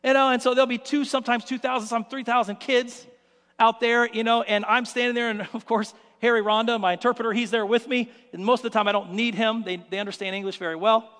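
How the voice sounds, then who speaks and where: A man preaching a sermon as pastor, telling stories in an animated way and acting out the scenes. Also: extremely high pitch, fast, long reverb tail.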